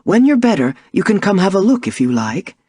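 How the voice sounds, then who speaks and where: Woman doing a brisk, guarded woman. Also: lowish voice, very animated, dark tone, breathy edge, dry recording, clean studio sound. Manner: curt, clipped.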